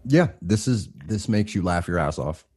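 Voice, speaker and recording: A man in his thirties co-hosting a wrestling podcast, explaining things in a relaxed casual chat with mild cursing. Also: sits low, normal speed, breathy edge. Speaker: podcast co-host.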